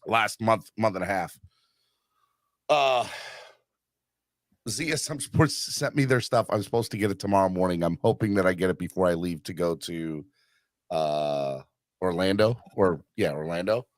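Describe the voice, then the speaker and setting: A man hosting a casual sports podcast in a relaxed way, switching to a deep announcer voice for ad reads. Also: normal speed, long pauses, dry recording, clean studio sound. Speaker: podcast host.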